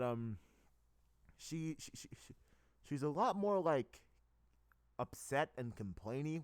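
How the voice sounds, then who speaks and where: A man's voice: mid-range voice, clean tone. A young man casually explaining his plans, hesitant, with many fillers, restarts and tangents. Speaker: video creator explaining fan project plans. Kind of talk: casual rambling talk.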